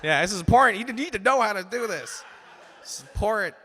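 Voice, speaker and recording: Bright-voiced young man doing stand-up. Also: sits high, animated, moderate pace. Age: 20s. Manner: loose, swearing, shouts in bits. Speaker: stand-up comedian. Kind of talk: stand-up comedy set. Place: comedy club stage. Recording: live stage mic in long hall reverb.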